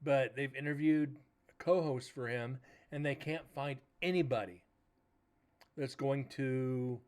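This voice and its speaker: A man's voice: medium pitch, fairly even intonation, a little slow, darkish tone. A man hosting a paranormal livestream, casually telling a rambling story, swearing now and then and retelling conversations as quoted dialogue. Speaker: paranormal show host.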